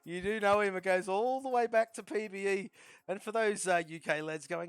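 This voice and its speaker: A man's voice: high-pitched, normal speed, smooth, no room sound. A man hosting a sim racing league's post-race interviews, upbeat and chatty with friendly banter and repeated stock phrases. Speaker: league host interviewing drivers.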